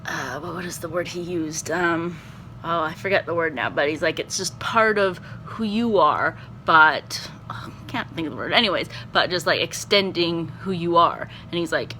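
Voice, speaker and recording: A young woman, vlogging in a casual, rambling chat that is full of fillers and easily excited. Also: on the low side, moderate pace, slight background noise. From Canada. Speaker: vlogger and performance teacher.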